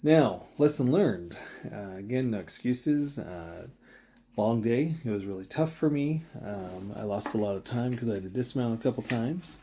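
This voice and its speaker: A man's voice: medium pitch, lively intonation, moderate pace, mellow, a little hiss or hum. A man in his thirties, a triathlete vlogger, telling a race story in a rambling, reflective way, full of fillers and quoted dialogue. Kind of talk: casual vlog storytelling.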